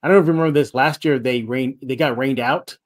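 A man hosting a sports podcast, talking in an energetic, rambling way that repeats itself, with a few ad reads. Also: mid-range voice, fast. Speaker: podcast host. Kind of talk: sports podcast talk with read ads.

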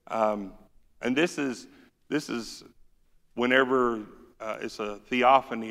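Southern pastor, gravelly, folksy sermon delivery, church hall reverb. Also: male voice, medium pitch, a bit bright. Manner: folksy, joking, reads scripture with rising force. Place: church sanctuary.

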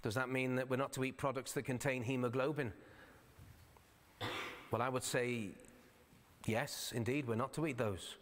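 A male pastor preaching a sermon in a church sanctuary, explaining his points in a conversational way. His voice sits at an ordinary middle pitch, and the hall adds a long reverb to every word. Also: fairly even intonation, moderate pace, long pauses, fairly bright tone, a little hiss or hum. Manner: reads scripture in old-fashioned wording.

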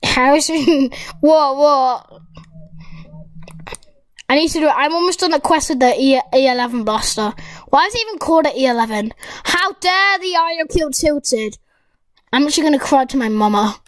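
A school-age girl giving excitable, rambling gameplay commentary as a gaming YouTuber, talking straight to her viewers. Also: high-pitched, moderate pace, dry recording, poor audio.

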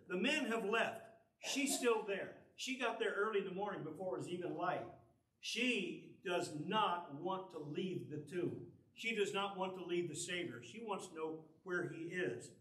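Male preacher, earnest sermon, high bright voice, miked from afar in a roomy church. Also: moderate pace. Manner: earnest, explanatory, reads scripture aloud. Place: church sanctuary. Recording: echoey church from far off.

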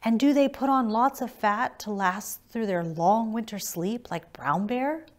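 A small young yak calf from a storybook, endlessly curious and eager to ask questions. A woman reading aloud puts him on, lifting the voice higher and taking it slowly and carefully. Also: lightly acted.

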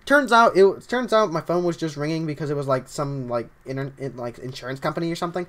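A young man with a scratchy voice, livestreaming a game at home, chatting casually and excitedly while greeting his viewers. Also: a little high, quick pace. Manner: excitable, rambling, greets chat often. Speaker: livestreaming gamer.

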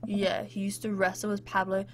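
Woman reading as a soft-spoken bookish teacher dad. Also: mid-range voice, completely flat delivery, moderate pace, lightly acted. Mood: subdued. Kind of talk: reading a game's dialogue aloud. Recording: game music playing behind.

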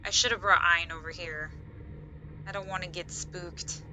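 A woman's voice: lowish voice, steady tone, normal speed, noisy background. A young woman streaming a game, giving casual commentary, jumpy and easily spooked, often laughing. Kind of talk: casual let's-play commentary.

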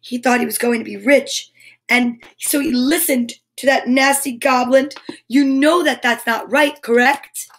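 A woman's voice: high-pitched, steady tone, measured pace, a bit bright. A woman hosting a children's story show, reading a picture book aloud and adding chatty asides to young listeners.

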